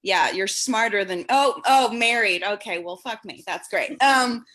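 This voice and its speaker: A woman's voice: mid-range voice, a little slow, fairly bright tone. A young woman doing stand-up comedy, telling stories in a casual, sardonic way and acting out the people in them. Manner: casual, sardonic storytelling with acted quotes. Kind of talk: stand-up set on a comedy show.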